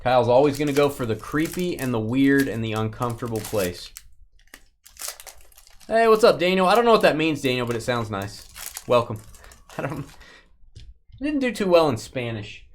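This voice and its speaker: A man's voice: medium pitch, very animated, a little hiss or hum. Guy running a card break stream, rattles off names and teams, cracks jokes. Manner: reads names and teams in quick bursts, joking asides. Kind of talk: live card break chat.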